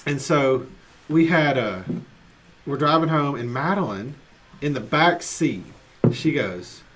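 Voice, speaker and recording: A man in his thirties co-hosting a casual radio chat show, telling stories with lively acted-out dialogue. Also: medium pitch, takes it slowly. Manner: animated storyteller, acts out family dialogue. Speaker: radio co-host.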